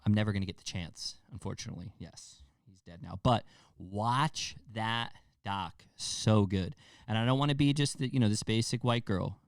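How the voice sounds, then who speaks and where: Low-voiced young man rambling casually. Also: dry recording, studio quality. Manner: rambling, joking, profane. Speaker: podcast host. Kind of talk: casual monologue.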